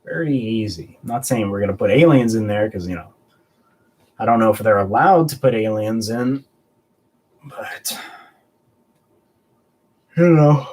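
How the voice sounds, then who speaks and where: A man's voice: fairly low pitch, lively intonation, moderate pace, darkish tone. A man hosting a casual live stream, joking around and answering viewer chat in a rambling way. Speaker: host of a collectibles live stream.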